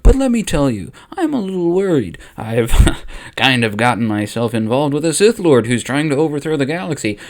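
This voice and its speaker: A man's voice: medium pitch, big pitch swings, normal speed. A man voicing a wavering older male count in a comedic audio parody, who talks casually and chattily. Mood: chatty.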